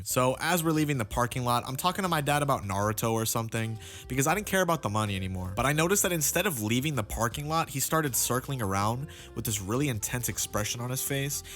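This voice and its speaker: A young man narrating a comedic storytime, animated and exaggerating for laughs. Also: medium pitch. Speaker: storytime youtuber.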